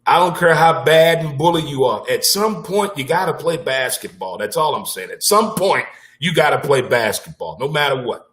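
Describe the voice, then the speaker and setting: Blunt, animated man hosting sports talk. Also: fairly high pitch, normal speed. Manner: animated, blunt, with casual swearing and repeated punchlines. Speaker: sports talk show host. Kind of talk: casual sports talk monologue.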